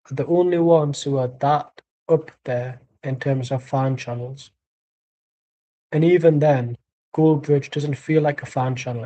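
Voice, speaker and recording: Casual match commentary and chat come from a man hosting a live football watchalong stream. With a dark-toned, medium-pitched voice, he rambles dryly and calls out plays.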